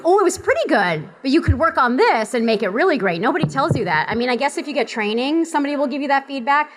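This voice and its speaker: A woman's voice: high voice, fairly bright tone, rough recording. A woman voice actor on a convention panel, speaking frankly and earnestly.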